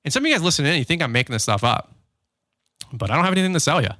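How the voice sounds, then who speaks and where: A man's voice: on the high side, very fast, no room sound. A man hosting a podcast, talking casually in a loose monologue and acting out quotes as he tells stories. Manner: animated storytelling, acts out quotes; frequent fillers and restarts. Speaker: podcast host.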